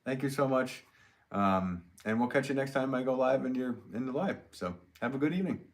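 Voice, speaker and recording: A man, a potter, chatting casually on a live stream while he works, reading out viewer comments in a relaxed, rambling way with lots of fillers. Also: medium pitch, a little fast. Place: pottery studio.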